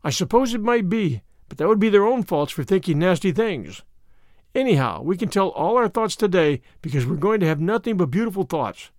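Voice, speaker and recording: An eager, romantic young woman pours out her fancies in a high, swooping voice, put on by a male narrator. Her speech rises and falls with wide animation, recorded close and dry. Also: sing-song, fairly quick, a little mellow, no room sound. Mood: enthusiastic. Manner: gushing, romantic. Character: dreamy talkative young woman, imaginative and eager.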